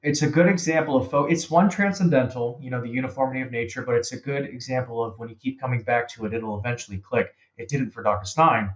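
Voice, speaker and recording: A man's voice: mid-range voice, fast, hardly any pauses. Earnest male author, slightly muffled. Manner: earnest, explanatory, repeats key points. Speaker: guest author. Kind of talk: casual conversation.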